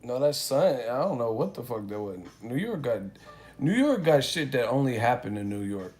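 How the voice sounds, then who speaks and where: A man hosts a casual live boxing chat from a hotel room. His voice sits at an ordinary mid pitch, and he tells his stories in a loose, rambling way full of swearing. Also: big pitch swings, normal speed, a little mellow. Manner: profane, rambling storyteller. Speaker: boxing talk stream host.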